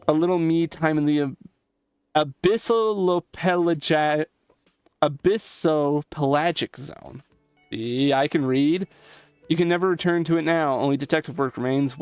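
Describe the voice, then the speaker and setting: A man's voice: fairly high pitch, moderate pace, clean tone, no room sound, faint music behind. A young man streaming a game, reading the dialogue aloud and joking between lines. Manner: reads text aloud, jokes and comments between lines.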